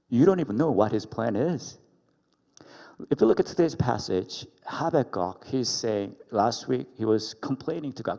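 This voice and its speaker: A man's voice: medium pitch, animated, normal speed, vocal fry, warm tone. A male pastor preaching a playful sermon and joking with the congregation in a church worship hall. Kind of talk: sermon with storytelling.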